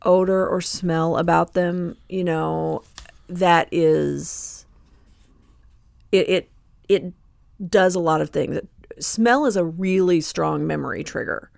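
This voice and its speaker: A woman's voice: lowish voice, slow, creaky, darkish tone, dry recording, clean studio sound. A woman co-hosting a podcast, chatting casually about a book and agreeing, then adding thoughtful points with plenty of fillers. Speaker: podcast co-host.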